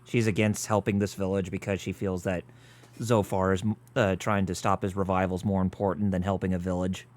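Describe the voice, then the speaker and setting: A man's voice: deep voice, little pitch movement, a little fast, darkish tone. A man co-hosting a game stream, explaining the story casually as he plays. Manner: explains the story plainly, many fillers. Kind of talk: casual chat while playing a game.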